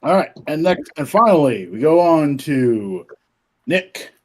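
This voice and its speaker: A man's voice: a little high, very animated, unhurried, darkish tone, breathy edge. A man running a tabletop game as game master, narrating in a rambling, self-correcting way.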